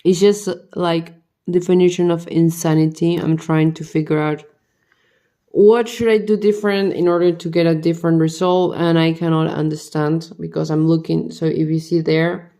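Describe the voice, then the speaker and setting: A woman's voice: low-pitched, level tone, moderate pace, mellow. A tired woman vlogger talking to herself as she builds a model kit, muttering the same questions over and over. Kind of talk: casual talk while building.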